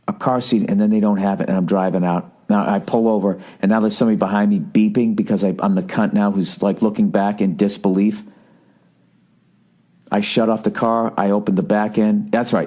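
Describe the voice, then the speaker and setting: A man's voice: on the low side, mellow. Profane ranting man telling a story. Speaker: podcast host. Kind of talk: comedic storytelling monologue.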